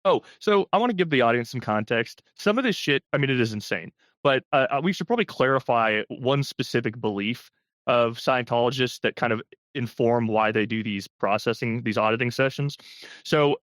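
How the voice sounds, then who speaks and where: A man with an average-pitched voice jokes his way through a casual podcast chat. The sound is dry and close. He talks loosely and laughs easily. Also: a little fast, fairly bright tone, dry recording. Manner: joking, frequent laughter. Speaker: podcast co-host. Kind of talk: casual film discussion.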